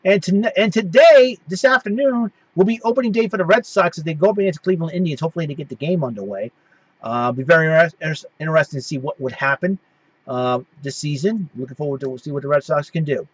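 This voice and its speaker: A man's voice: a little high, quick pace, breathy edge, dry recording. Rambling man with a dull, dry sound. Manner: rambling, with frequent restarts. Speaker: host. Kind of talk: casual recap.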